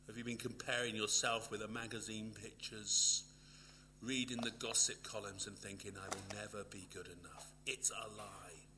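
A man preaching a sermon, swinging from loud emphatic lines to hushed near-whispers and repeating phrases for emphasis. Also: on the low side, little pitch movement, moderate pace, background noise.

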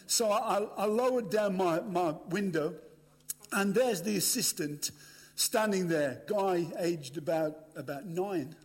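A man's voice: high voice, measured pace. An older British man preaching a storytelling sermon, chatty and humorous, talking straight to a live audience. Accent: British English. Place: large hall with a live audience. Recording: echoey hall.

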